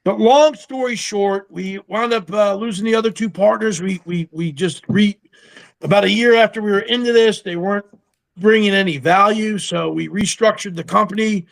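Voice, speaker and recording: A man's gravelly voice sits high and moves at a moderate pace as he's interviewed about co-founding a pickle company. He tells casual stories of starting out, acting out quoted dialogue with animation and salty language.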